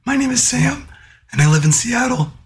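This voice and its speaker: A hoarse man who has lost his voice, leaving a playful, teasing recorded message for a radio show. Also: very high-pitched, big pitch swings, moderate pace. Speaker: listener sending a voice message.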